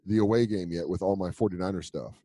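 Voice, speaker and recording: A man chatting as a guest on a video call, telling stories and joking with quick impressions of people. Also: low-pitched, no echo. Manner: joking storyteller, animated impressions. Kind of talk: casual video-call chat.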